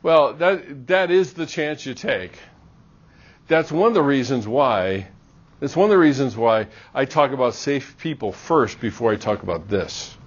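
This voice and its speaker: Animated male lecturer in a classroom. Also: mid-range voice, unhurried, muffled recording. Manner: animated, acts out little dialogues. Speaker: university lecturer.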